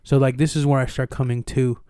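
A man's voice: mid-range voice, flat delivery, quick pace, dark tone, smooth, no echo, clean studio sound. A young man in his twenties, telling crude stories on a casual podcast with lots of slang and laughter. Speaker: podcast co-host. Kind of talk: casual chat.

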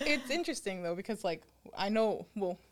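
A woman co-hosting a podcast, talking in a relaxed, reflective way. She laughs often and slips into playful high voices when she quotes her own thoughts. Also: a little fast. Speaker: podcast co-host. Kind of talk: casual chat.

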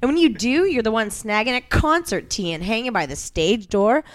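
A woman's voice: fairly high pitch, lively intonation, normal speed, no echo. Playful woman reading out a quiz. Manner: playful, teasing. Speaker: quiz host. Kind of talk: reading quiz questions in casual chat.

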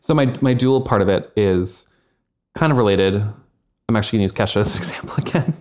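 A man's voice: lowish voice, expressive, fast, a little mellow. A young man co-hosting a casual podcast chat, rambling with lots of fillers and the odd swear. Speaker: podcast co-host.

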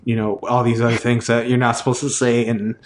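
A man's voice: mid-range voice, flat delivery, fairly quick, a little hiss or hum. A man chatting casually as a podcast host, rambling with lots of fillers and restarts. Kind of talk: casual chat.

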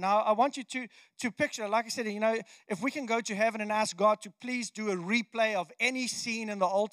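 A man preaching a sermon in a conversational, animated way, often restarting his sentences. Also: very high voice, no echo. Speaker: pastor.

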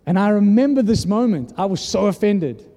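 A man in his thirties preaches to a congregation, slipping into voices as he tells his story. His tone is very dark and mellow, sitting slightly high for a man, and long reverb from the hall trails behind every phrase. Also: normal speed. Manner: animated storytelling, acts out dialogue. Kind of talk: sermon.

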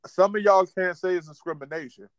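Blunt, profane male co-host in his thirties, slightly high voice, dry close recording. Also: steady tone, a little fast, dry recording, dull audio. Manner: blunt, profane, keeps it real. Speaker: podcast co-host. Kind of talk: casual chat.

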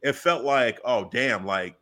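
A man in casual podcast chat, excitedly retelling a wrestling segment and acting out his own reactions. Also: mid-range voice, takes it slowly.

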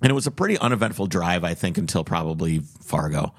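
A man's voice: low-pitched, animated, fast talker. A young man with a Minnesotan accent co-hosting a casual chat, rambling through a story and acting out the voices of people he quotes.

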